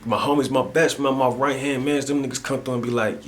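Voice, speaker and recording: A man's voice: mid-range voice, animated, fast, few pauses, a little hiss or hum. A man talking in a rambling monologue at home, repeating himself and using heavy street slang. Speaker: vlogger. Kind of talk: casual spoken monologue. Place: at home indoors.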